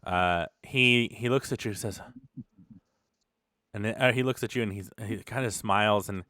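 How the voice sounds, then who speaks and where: A man's voice: fairly low pitch, normal speed, sharp tone, no echo, clean studio sound. A man running a tabletop game as game master, narrating in a loose, conversational way with many fillers.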